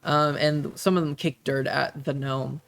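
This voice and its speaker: A man narrating a tabletop game as game master, halting often with fillers. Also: a little high, steady tone, creaky, fairly bright tone.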